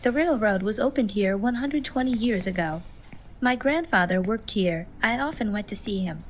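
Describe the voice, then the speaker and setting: A woman voicing a calm, detached stranger in a video game, speaking in a flat, emotionless way. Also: medium pitch, normal speed, a little hiss or hum, natural voice. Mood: matter-of-fact. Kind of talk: game character dialogue.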